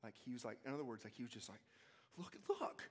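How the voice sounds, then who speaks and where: A man giving an energetic sermon to young people, swinging between hushed asides and loud bursts as he acts out quotes. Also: mid-range voice, rapid-fire. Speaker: youth conference speaker. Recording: long hall reverb.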